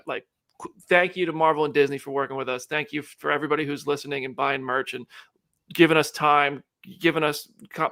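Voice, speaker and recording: A man hosting a live show, chatting casually and joking, rambling with quick restarts. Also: a little high, bright, forceful tone. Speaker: host.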